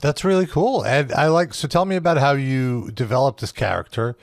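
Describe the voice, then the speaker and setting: A man's voice: mid-range voice, moderate pace, vocal fry, no room sound, studio quality. Male podcast host asking questions. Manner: friendly, asks follow-up questions. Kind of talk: casual interview.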